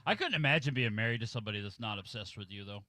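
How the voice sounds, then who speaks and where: A man's voice: fairly low pitch, animated, racing, bright, forceful tone, no room sound. A man co-hosting a comedic radio show, teasing and trading wry comebacks in casual banter. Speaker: radio co-host. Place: radio studio. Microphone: studio microphone.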